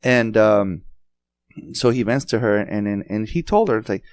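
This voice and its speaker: A man in middle age chats on a podcast in a lowish voice, often breaking off and repeating words before he finds the thought. The sound is close and dry, with no room around it. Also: lively intonation, clean tone, dry recording. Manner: halting, many restarts and repeated words. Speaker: podcast host. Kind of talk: casual conversation.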